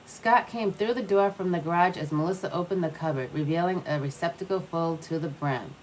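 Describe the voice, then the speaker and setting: Low-voiced woman reading a story aloud. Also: brisk, a little hiss or hum, low-quality recording. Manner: reads aloud with small slips and restarts. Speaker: audiobook reader. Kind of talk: scripted narration.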